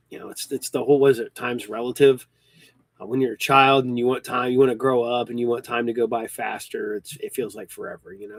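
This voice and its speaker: A man's voice: medium pitch, no room sound. Man, early fifties, podcast host, casual rambling chat, hiccuping, dry close sound. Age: 50s. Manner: rambling, with frequent ums and restarts.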